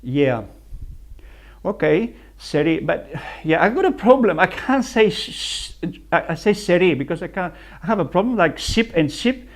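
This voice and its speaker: A man with a notably high voice talks in a loose, chatty way from a building site. He keeps laughing at his own jokes as he rambles on like a licensed builder sharing tips. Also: sing-song, normal speed. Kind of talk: casual chat reacting to clips.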